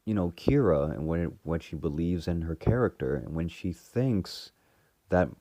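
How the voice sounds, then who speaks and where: Male fan reviewer, low mellow voice, rambling casual recap with lots of fillers. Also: animated, a little slow, no echo. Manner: rambling, full of fillers and restarts. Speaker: fan reviewer retelling a TV episode.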